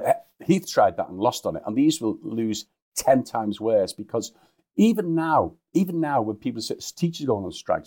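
A man's voice: lowish voice, darkish tone, breathy edge. A man, a guest journalist in a casual chat, chuckling and often restarting his sentences.

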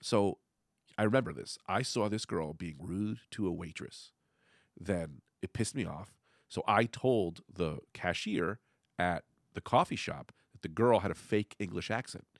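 A man hosting a casual podcast chat, telling rambling stories in an animated way on a studio microphone. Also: low voice, unhurried, no room sound. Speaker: podcast host.

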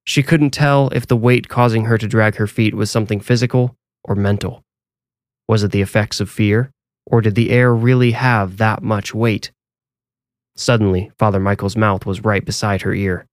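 Low-voiced man narrating horror. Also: fairly even intonation, no room sound. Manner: measured, suspenseful reading. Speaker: narrator and author. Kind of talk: scripted horror story narration.

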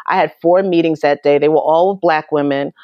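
A woman's voice: low-pitched, fairly even intonation, brisk, dry recording, muffled recording. Earnest woman guest, dry close sound. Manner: earnest, emotional storytelling with many restarts. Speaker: interview guest. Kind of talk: conversational interview.

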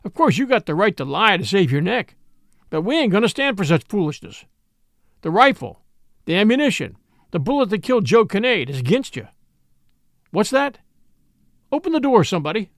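A man voicing a domineering, impatient frontier judge with a loud, commanding, folksy manner. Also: high-pitched, very animated, brisk, pauses often, no room sound, clean studio sound.

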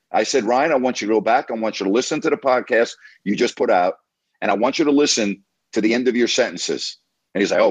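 A man's voice: on the low side, breathy edge, no room sound. A man hosting a sports radio show, coaching a caller in an emphatic, repetitive, lecturing way.

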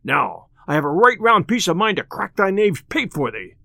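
A man voicing a boastful, hot-tempered tinker who blusters loudly in old-fashioned speech. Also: huge pitch swings, moderate pace, no room sound, exaggerated voice. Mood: angry, indignant. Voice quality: deep bull-like bellow.

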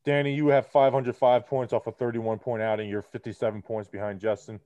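A man co-hosting a casual sports podcast, talking in an animated, joking way, his voice muffled behind a face shield on a video call. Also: mid-range voice, fairly quick, no room sound. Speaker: podcast co-host. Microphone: muffled behind a clear face shield.

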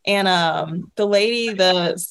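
A young woman co-hosting a podcast, telling a story in a casual, chatty way full of fillers and quick laughs. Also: fairly low pitch, a bit bright, smooth. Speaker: podcast co-host.

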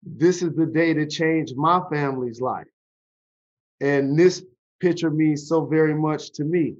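Slow, earnest podcast host, a man. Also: on the high side, dull audio. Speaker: podcast host, former pro athlete. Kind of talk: interview questions and personal reflection.

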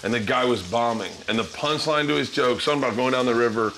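A man's voice: mid-range voice, fast talker, a bit bright, a little hiss or hum, poor audio. A man hosting while he cooks, telling stories in a loose, rambling way, laughing often. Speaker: host cooking for guests. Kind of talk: casual storytelling chat. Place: kitchen with food frying. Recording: frying and sizzling behind.

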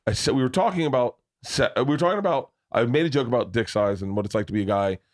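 A middle-aged man with an average-pitched voice tells a story on his podcast. He talks in an animated, loose way, swears freely and acts out the people he quotes. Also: fast talker. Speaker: podcast host, comedian. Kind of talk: casual chat, storytelling.

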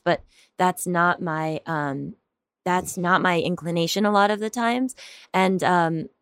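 Low-voiced woman, rambling and laughing. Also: no echo, studio quality. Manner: rambling, filler-heavy, often laughing. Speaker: actor and stand-up comedian. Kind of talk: casual interview chat.

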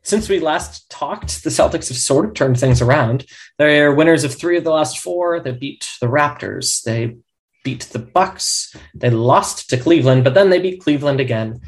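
A man's voice: on the high side, animated, normal speed. A man hosting a casual sports podcast, laughing often and keeping the banter upbeat. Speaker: podcast host.

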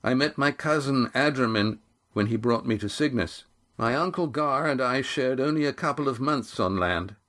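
A man's voice: medium pitch, normal speed, fairly bright tone, voice pushed up, lightly acted. A man voicing a young seafaring grandson who speaks earnestly and declaims a proclamation.

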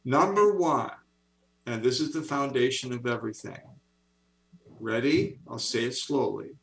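A man's voice: medium pitch, measured pace, vocal fry, rough recording. A man in his seventies telling stories with enthusiasm as an interview guest on a video call. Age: 70s. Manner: enthusiastic, animated storyteller. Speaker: author and speaker, interview guest. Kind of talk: interview storytelling.

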